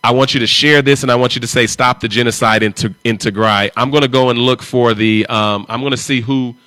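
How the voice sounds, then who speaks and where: A man's voice: medium pitch, fairly even intonation, fairly quick, sharp tone, no echo. A man hosting a live stream, talking in an emphatic, repetitive and confrontational way. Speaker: livestream host.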